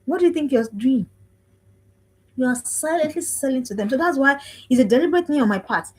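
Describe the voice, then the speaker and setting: A woman's voice: high-pitched, animated, brisk, breathy edge, rough recording. A woman around forty from Africa, giving a preaching talk on parenting, emphatic, repeating phrases and asking if listeners understand. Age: 40s. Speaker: speaker on parenting. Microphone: livestream.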